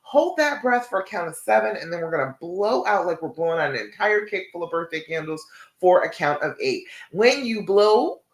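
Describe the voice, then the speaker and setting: Low-voiced woman coaching in an echoey room. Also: expressive. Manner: encouraging, checks in with frequent "okay?" and "all right?"; slow guided counting during breathing exercise. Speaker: relationship coach. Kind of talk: live-stream coaching talk.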